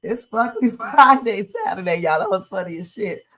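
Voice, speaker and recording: A woman's voice: mid-range voice, normal speed, a bit bright. A woman hosting a livestream and reacting to viral videos in casual, slangy, profane chat, laughing often. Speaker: livestream host. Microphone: streaming setup.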